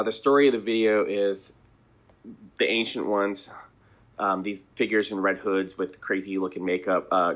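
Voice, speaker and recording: Low-voiced chatty man, lo-fi audio. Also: a bit bright. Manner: rambling, chatty, chuckles and clears throat. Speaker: band member, interview guest. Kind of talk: casual interview conversation. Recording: dull lo-fi audio.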